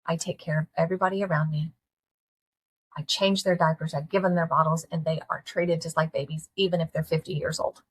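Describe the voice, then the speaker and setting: Earnest and folksy, a middle-aged woman hosts a solo podcast, talking straight to her audience and asking them direct questions again and again. Her husky, lowish voice moves fairly quickly with fairly even intonation.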